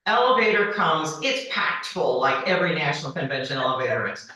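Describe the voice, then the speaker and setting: A woman in her forties giving a humorous storytelling speech at a banquet, acting out the people in her stories with high voices. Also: a little fast, muffled recording. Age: 40s. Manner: animated, acts out dialogue with high-pitched quoted voices. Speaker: banquet speaker. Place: banquet hall. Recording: echoey hall, voice from far off.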